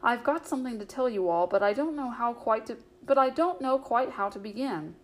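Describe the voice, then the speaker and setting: Frodo, a troubled young male hobbit, answers in a hesitant, earnest way, voiced in a fairly high register by a woman reading a storybook aloud. The reading stays close to her own voice. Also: fairly quick, natural voice.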